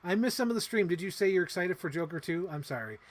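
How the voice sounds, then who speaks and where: A man in his thirties hosting a casual livestream, rambling excitedly and swearing casually. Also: high voice, fast talker. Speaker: livestream host.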